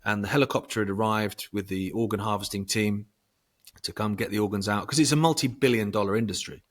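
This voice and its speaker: A man speaking as a guest in a casual conversation. He swears freely and breaks into bursts of loud emphasis. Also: lowish voice, fairly even intonation, fast talker. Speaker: podcast guest.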